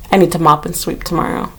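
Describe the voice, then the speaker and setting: A woman talking casually to her vlog audience from her small apartment, rambling with lots of "like" and cursing freely. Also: slightly rough. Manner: animated, rambling, heavy use of "like", swears freely; shrieks and jumps high when retelling her panic. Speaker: vlogger.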